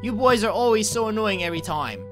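A man's voice: high-pitched, expressive, fast, over music, pitched above the performer's own voice. A young man reading out the lines of a bossy, impatient young girl on crutches from a video game.

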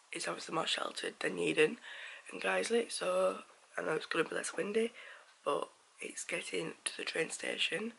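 A woman chatting casually in a vlog at home, croaky with her morning voice, rambling and often talking in a hushed half-whisper. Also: fairly low pitch, low-quality recording. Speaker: vlogger. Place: at home, indoors.

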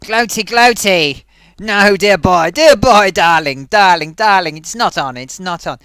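A man voicing a flamboyant theatrical character who calls everyone "dear boy" and "darling" and repeats the host's name loudly in a sing-song. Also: sits high, expressive, measured pace, clear, resonant tone, no echo, full character voice. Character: flamboyant theatrical luvvie man, gushing and grand.

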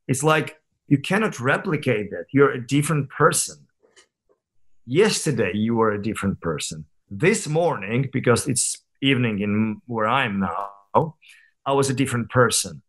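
A man's voice: mid-range voice, animated, moderate pace, a bit bright. A man over thirty, a guest on a podcast, telling stories in a candid, reflective way with many fillers and restarts. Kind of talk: casual conversational interview.

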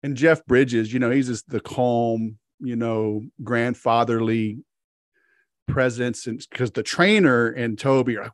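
A male podcast host talking in a loose, rambling way, full of fillers and restarts. The sound is dry and close. His pitch sits in a middle range for a man. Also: steady tone, a little slow, no echo. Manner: acts out quoted characters in a sharply raised voice. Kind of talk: casual interview chat.

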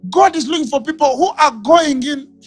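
A man with a Ugandan English accent preaching a sermon, shouting and laughing as he acts out conversations with callers. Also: extremely high pitch, normal speed, soft background music. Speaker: pastor.

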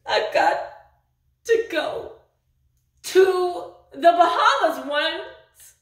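A woman's voice: very high-pitched, animated, drawn-out words, echoey room, far from the mic, heavily acted. A woman doing a fake-sobbing, sing-song self-pitying activist. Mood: smug boasting. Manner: drawling, says y'all a lot. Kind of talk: parody monologue.

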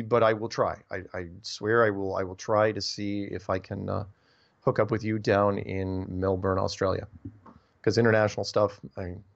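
A man's voice: lowish voice, gravelly, highs cut off. A man hosting a radio show, reading listener emails aloud and answering them in a casual, rambling way, often stumbling over and repeating his words.

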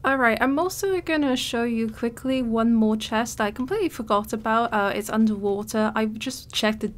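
A woman's voice: fairly high pitch, moderate pace. A woman hosting a let's play, chatting casually and laughing at herself as she plays. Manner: chatty, giggly, self-mocking. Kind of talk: casual gameplay commentary.

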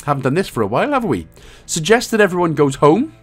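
A man's voice: fairly high pitch, very animated, fast talker, slightly rough, faint music behind. A man giving casual, jokey walkthrough commentary on a game, now and then reading out lines in put-on voices. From Wales. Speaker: game guide creator.

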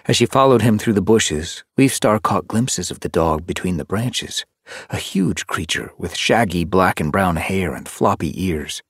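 A male audiobook narrator with a fairly low voice tells the story in a lively, expressive manner. He sounds close to a studio mic, and the recording is dry. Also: unhurried, slightly rough, dry recording. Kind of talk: scripted narration.

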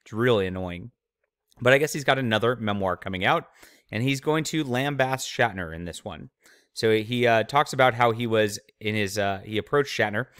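This channel host and author delivers opinionated commentary laced with mocking, sneering asides. His somewhat low voice is clear, resonant and a bit bright, moving at normal speed. The sound is dry and close, with no room around it.

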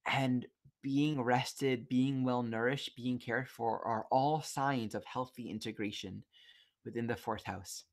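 A man teaches astrology over a video call, speaking gently and reflectively at a middle pitch. He pauses and corrects himself as he goes. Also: fairly even intonation. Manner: gentle, reflective, reads quotes aloud with self-corrections.

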